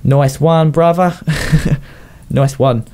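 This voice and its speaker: A man's voice: on the high side, fairly even intonation, extremely slow, darkish tone. A young man, chatting casually as he plays, talking to his pets and laughing often, sounding a bit unwell. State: slightly unwell, coughing. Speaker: gaming YouTuber. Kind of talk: casual game commentary.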